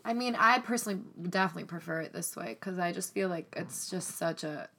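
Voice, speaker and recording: A young woman chatting casually as a podcast co-host, telling stories in an animated way and acting out what others said. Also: on the low side, quick pace, a little hiss or hum. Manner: animated storytelling, acts out quotes. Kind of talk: casual chat.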